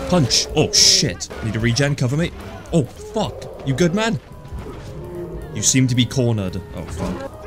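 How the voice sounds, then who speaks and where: A man casually commentating his own gameplay, joking around and swearing often in excited reactions. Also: mid-range voice. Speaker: gaming YouTuber. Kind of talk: casual let's play commentary.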